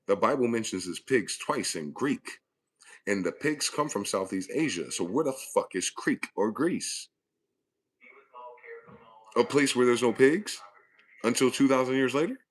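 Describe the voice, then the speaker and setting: A man's voice: mid-range voice, lively intonation, measured pace, pauses often, slightly rough. A man hosting a profane, aggressive monologue, hectoring his listeners with rhetorical questions. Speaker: channel host. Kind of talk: ranting monologue.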